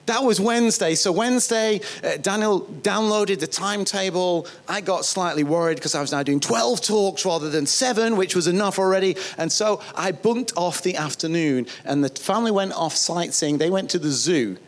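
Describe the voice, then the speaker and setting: A man's voice: high voice, normal speed, few pauses. A man with a northern English accent, preaching a sermon in a chatty, storytelling way that often restarts phrases. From northern England. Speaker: pastor.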